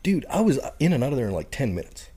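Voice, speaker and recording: A man's voice: mid-range voice, fast, slightly rough. A middle-aged man, a podcast guest telling a story in casual talk and acting out the people in it. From Canada. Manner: animated storyteller who acts out the people in his stories.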